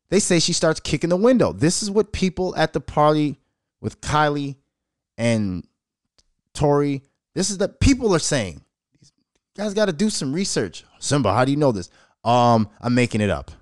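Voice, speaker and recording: Animated, profane man ranting. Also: medium pitch, no room sound, studio quality. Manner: profane, animated, slips into mocking voices. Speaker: podcast host. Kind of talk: ranting commentary.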